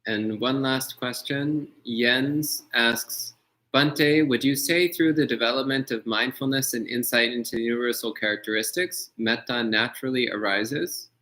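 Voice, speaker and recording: A man's voice: mid-range voice, unhurried, sharp tone, poor audio. A man reading a viewer's question aloud to the teacher.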